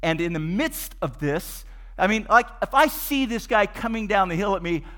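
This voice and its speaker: A man preaching a sermon, retelling a Bible story with lively, animated storytelling and acted-out scenes. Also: sits high, moderate pace. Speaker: pastor.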